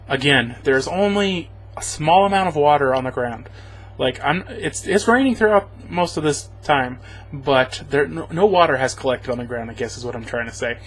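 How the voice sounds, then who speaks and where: A man's voice: a little high, lively intonation, normal speed, husky, low-quality recording. A man casually recapping a movie for a review, rambling and sarcastic, chuckling often.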